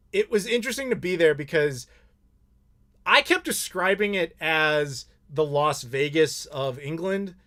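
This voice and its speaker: An American man from Chicago hosting a casual live chat, telling rambling, animated stories with laughs and the odd swear. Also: a little high. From Chicago, United States. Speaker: YouTube host answering live questions.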